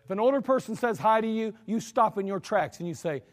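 A high-voiced man preaching a blunt, scolding sermon from the pulpit. His voice rings out with a long reverb through a church hall. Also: animated, fairly quick. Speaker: pastor.

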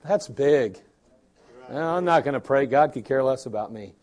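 A man's voice: mid-range voice, fairly quick, darkish tone. An older man preaching a sermon as pastor, repeating lines and building to bursts of emphasis.

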